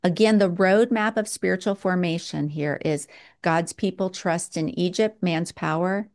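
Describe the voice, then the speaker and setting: A woman preaching a sermon in a slow, earnest way, with dramatic pauses. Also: on the low side, a little mellow.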